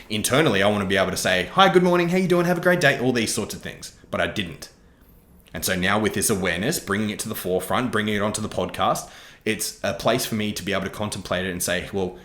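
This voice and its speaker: A man's voice: sits low, a bit bright, echoey room. A young Australian man hosting a podcast, talking earnestly and openly in a reflective solo monologue, swearing casually along the way. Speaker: podcast host.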